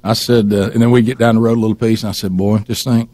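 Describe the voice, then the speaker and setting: A man's voice: fairly low pitch, flat delivery, quick pace, warm tone, no echo. Man rambling through a teasing story. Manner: rambling, teasing, with many restarts. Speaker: radio show host. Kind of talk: casual storytelling chat. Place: radio studio.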